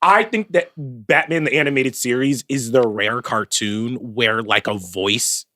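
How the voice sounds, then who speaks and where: A man co-hosting a casual podcast chat, talking in an animated, emphatic way and swearing casually. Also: medium pitch, a little slow. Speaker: podcast co-host.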